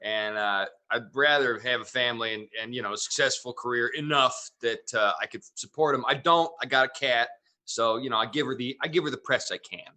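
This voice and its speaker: A man's voice: mid-range voice, fairly quick, pushed and bright. A man in his thirties from Wyoming, a comedian guest telling stories in a wordy, playful way. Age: 30s. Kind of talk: casual interview chat.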